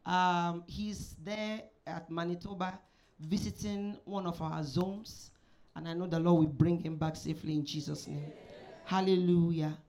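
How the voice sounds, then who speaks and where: Soft-spoken woman pastor opening a sermon. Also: on the low side, fairly even intonation. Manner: soft, measured, with frequent amens and hallelujahs. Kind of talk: sermon introduction. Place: church service.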